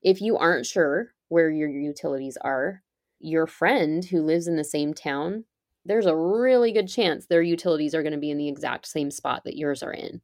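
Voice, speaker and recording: A woman's voice: sits low, moderate pace, a little mellow, no room sound, studio quality. A woman on a podcast, explaining emergency preparedness step by step in an upbeat, chatty way. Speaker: podcast guest, preparedness expert. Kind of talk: casual podcast conversation.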